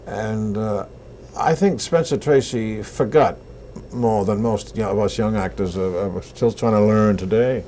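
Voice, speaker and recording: An older actor being interviewed, telling animated anecdotes and acting out the lines people said to him. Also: male voice, on the low side, normal speed, slight background noise. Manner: animated anecdotes with acted-out quotes. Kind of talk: casual interview storytelling.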